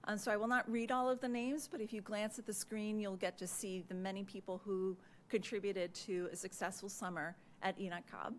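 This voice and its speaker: A woman administrator, hoarse and losing her voice, gives a measured, earnest report at a public meeting with frequent "uh" and "um" fillers, into a desk microphone in a meeting room. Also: medium pitch, fairly even intonation, a little hiss or hum. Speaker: school district administrator presenting a report.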